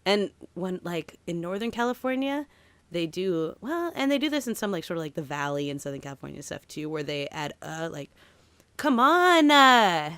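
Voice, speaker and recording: A woman from Massachusetts co-hosting a podcast, chatting in a lively way, laughing often and saying "like" a lot. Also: lowish voice, fairly quick, no echo. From Massachusetts, USA. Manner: animated, laughing, lots of "like". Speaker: podcast co-host. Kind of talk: casual chat.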